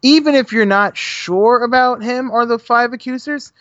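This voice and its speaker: A man's voice: extremely high pitch, moderate pace, fairly bright tone, no echo, highs cut off. Heated man, sarcastic chat. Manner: heated, sarcastic, mocks with quoted voices. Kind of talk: casual political chat.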